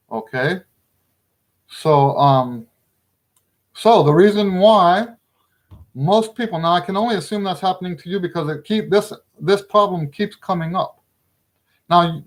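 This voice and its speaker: A middle-aged man gives a relaxed trumpet lesson in a casual, talkative way. His voice sits a little above the usual male range, and he leans hard on his points, often breaking into a laugh. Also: high-pitched. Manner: chatty, emphatic, laughs often. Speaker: trumpet teacher.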